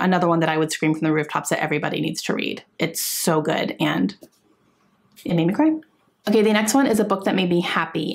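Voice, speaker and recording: Gushing woman book vlogger, lower pitch. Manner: gushing, enthusiastic, laughs often. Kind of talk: casual chat.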